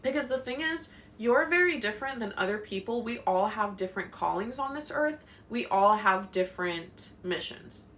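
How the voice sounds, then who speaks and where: A woman's voice: medium pitch, lively intonation, moderate pace, few pauses, a bit bright, slight background noise. Passionate slangy woman. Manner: passionate, slangy, swears, acts out quotes in voices. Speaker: spiritual advice vlogger. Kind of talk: casual motivational talk.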